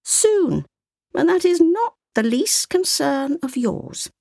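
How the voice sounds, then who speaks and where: A woman's voice: sits high, very animated, slow pace, vocal fry, warm tone, no room sound, studio quality, pitched above the performer's own voice, exaggerated voice. A woman voicing an old grandmother, curt, sly and disdainful, in a storybook reading.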